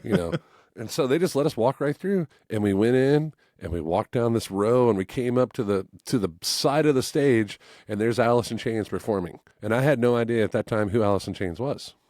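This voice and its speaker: A man's voice: medium pitch, animated, fairly quick, darkish tone, no echo, studio quality. A man in his forties, a musician guest on a podcast, telling stories casually, acting out voices and swearing freely. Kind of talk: casual storytelling chat.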